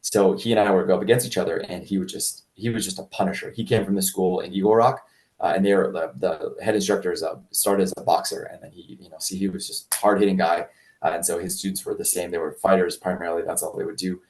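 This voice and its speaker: A man, a martial arts instructor, telling a story in a casual interview, rambling with restarts and jumping much higher when he quotes people. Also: steady tone, quick pace, darkish tone, distant mic. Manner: rambling with many restarts and fillers; acts out quoted voices in a much higher pitch.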